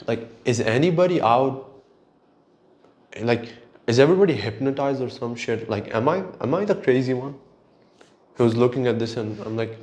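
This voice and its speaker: A man's voice: mid-range voice, lively intonation, a little fast, darkish tone. A man hosting his own solo show, ranting in an exasperated, profane way. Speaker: podcast host. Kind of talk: solo rant.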